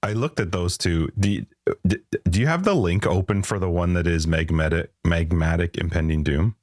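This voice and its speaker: A man co-hosting a podcast, musing aloud in relaxed casual chat. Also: deep voice, normal speed, no echo, studio quality. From Canada. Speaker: podcast co-host.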